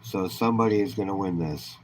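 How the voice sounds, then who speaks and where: A man with a fairly low voice hosts a relaxed live stream and chats easily with viewers, greeting them one by one. He talks in an informal, friendly way, and a faint hiss sits under his voice. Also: brisk, low-quality recording. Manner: easygoing, chatty, greets viewers by name. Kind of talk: casual live-stream chat.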